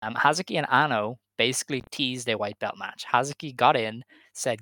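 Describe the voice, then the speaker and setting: A man's voice: mid-range voice, fairly quick, hardly any pauses, bright, forceful tone, no room sound. A man co-hosting a wrestling podcast, recapping matches in casual chat, easygoing and hesitant with many fillers. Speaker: podcast co-host.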